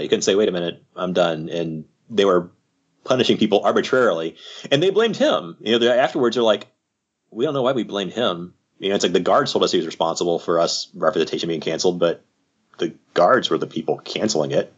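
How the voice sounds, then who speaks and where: Deep husky man, rambling podcast guest. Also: animated, fast talker. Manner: rambling, full of "you know" asides. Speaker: psychiatrist guest. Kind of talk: casual podcast conversation. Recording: slightly muffled lo-fi audio.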